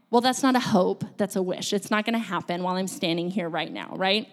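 A woman, a school counselor, giving a sermon in a church, telling stories in an animated, playful way. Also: mid-range voice, a little fast, hardly any pauses. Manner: storytelling, animated, playful with laughs. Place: church sanctuary.

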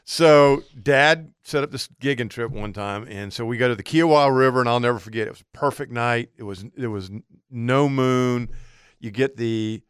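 Smooth-voiced man telling a story. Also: mid-range voice, normal speed, dry recording, studio quality. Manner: animated storyteller, laughs through anecdotes. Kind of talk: casual storytelling chat.

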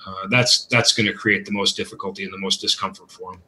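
A man answering questions as an equipment expert, talking casually and filling pauses with "uh" and "you know". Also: low-pitched, steady tone, sharp tone. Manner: thoughtful, filler-heavy with many uh and you know.

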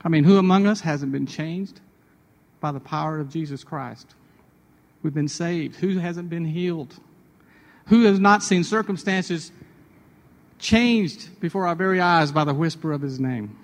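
A man with a somewhat high voice talks in a chatty, storytelling way on a radio devotional. He moves from personal anecdotes to a spiritual lesson. A long hall reverb trails after his words. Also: a little slow, long pauses. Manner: chatty, personal anecdotes building to a sermon point.

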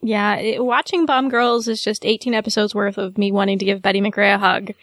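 A woman's voice: mid-range voice, steady tone, a little fast, a bit bright, no echo, studio quality. A woman co-hosting a podcast, talking fondly and earnestly in casual chat. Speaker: podcast co-host.

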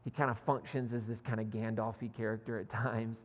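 A man's voice: on the low side, little pitch movement, brisk. A male pastor giving a sermon in a church, telling a story in a conversational, self-deprecating way. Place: church sanctuary. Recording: long hall reverb.

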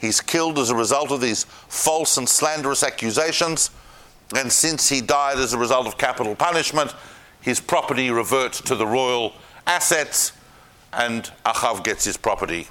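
A man teaching a Bible class to a live audience, telling the story in an animated, chatty way with asides. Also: medium pitch, normal speed. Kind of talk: lively lecture to a live class.

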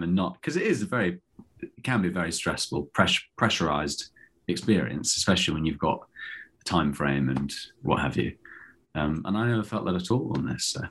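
A man's voice: low-pitched, a bit bright, a little hiss or hum. A middle-aged man, an actor chatting as a guest, self-deprecating and full of restarts. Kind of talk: casual interview chat.

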